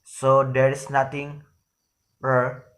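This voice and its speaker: Slow, halting man explaining phonology. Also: medium pitch, monotone, a bit bright. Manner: halting, repeats words and restarts often. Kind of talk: spoken lesson on phonology.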